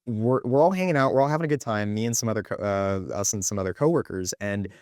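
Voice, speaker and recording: A man's voice: lowish voice, quick pace, a little mellow, no room sound, clean studio sound. A young adult man, a podcast guest, telling a story in casual chat, acting out the quoted lines with lots of fillers.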